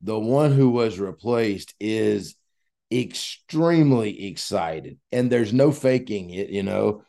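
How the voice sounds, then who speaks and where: A man hosts a casual coaching podcast with a mellow, dark tone. His voice carries a gravelly edge. He talks in an eager, loosely rambling way. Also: on the low side, expressive, takes it slowly. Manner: enthusiastic, rambling.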